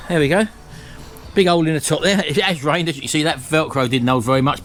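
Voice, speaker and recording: A middle-aged man, chatting casually to his viewers at home and calling them folks. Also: a little high. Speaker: vlog host. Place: at home, house and garden.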